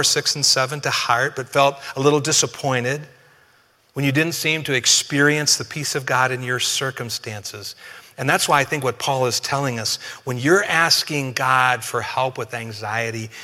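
A man's voice: mid-range voice, pushed and bright, in a large hall. A male pastor preaches a conversational sermon with humor and speaks directly to his congregation.

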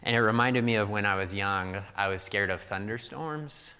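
A man's voice: on the low side, moderate pace, pushed and bright, clean tone, in a large hall. A young adult man from Missouri giving a sermon in a loose, conversational storytelling way, full of "like" fillers. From Missouri, USA. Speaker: pastor.

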